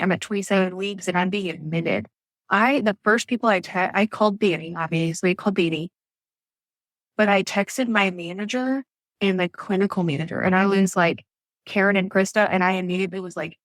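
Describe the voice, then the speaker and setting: A woman, telling her birth story as a podcast guest in an animated way, acting out quotes. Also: mid-range voice, normal speed, no echo. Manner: animated storytelling, acts out quotes, laughs often. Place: Atlanta area.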